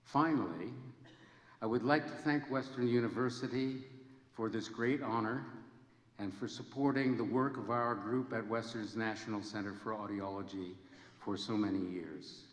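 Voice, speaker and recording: A man in his seventies gives an earnest, measured ceremony speech in a large hall. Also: fairly low pitch. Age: 70s. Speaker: honorary degree recipient giving a speech. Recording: echoey hall with long reverb.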